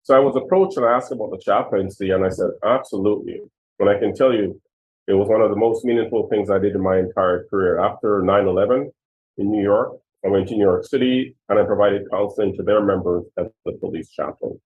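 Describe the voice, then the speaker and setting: A man in his sixties speaks earnestly and with emphasis as he tells his own stories. His voice sits fairly low, and it comes through a thin, tinny line that sounds like a phone. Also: brisk, darkish tone. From Jamaica. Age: 60s. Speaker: retired police chief. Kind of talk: personal storytelling in an interview.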